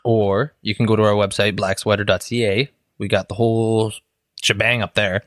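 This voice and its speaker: A man's voice: lowish voice, flat delivery, normal speed, a bit bright, no echo. A young man co-hosting a casual podcast, teasing his friend and laughing a lot, close to a studio mic with a pop screen. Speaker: podcast co-host. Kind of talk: casual chat.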